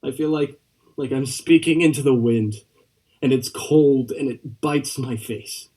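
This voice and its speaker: A young man student actor voicing a lonely letter-writer who begs for a reply, in a slow, aching dramatic monologue. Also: mid-range voice, fairly even intonation, dark tone, slightly rough, far from the mic. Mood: longing. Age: young adult. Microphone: video call.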